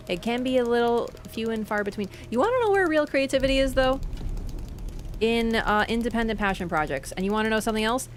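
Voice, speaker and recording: Her voice sits a little high, and she talks fast and animatedly as she plays a game live for viewers. Opinionated and chatty, she addresses chat directly, reads their messages, and yelps loudly whenever the game surprises her, all over background game music.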